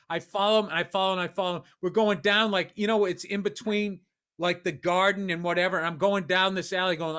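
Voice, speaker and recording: Animated, profane man telling a story. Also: high-pitched, fairly quick. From Massachusetts. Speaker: podcast co-host. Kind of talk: storytelling in casual chat.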